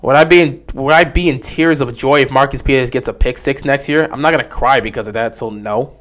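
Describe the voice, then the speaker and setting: A young man casually commenting on a football game during a livestream, answering viewers' questions with animated talk. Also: medium pitch, brisk. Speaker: livestream host.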